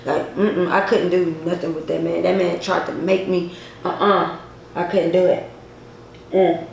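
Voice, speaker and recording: A woman's voice: on the low side, little pitch movement, measured pace, gravelly. Emphatic woman telling a story, echoey room. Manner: repetitive, emphatic, addresses viewers directly. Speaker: vlogger. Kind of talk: casual storytelling to viewers. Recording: echoey room, faint noise.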